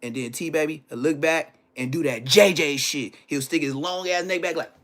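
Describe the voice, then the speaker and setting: Guy on a live stream telling wild school stories, cussing a lot, kinda high voice. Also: moderate pace. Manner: animated, profane, laughs while telling stories. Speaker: livestream host. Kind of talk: casual storytelling.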